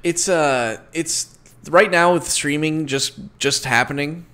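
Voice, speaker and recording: A young man co-hosting a casual podcast chat, relaxed and agreeable, laughing often. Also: a little high, takes it slowly, clear, resonant tone. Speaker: podcast co-host.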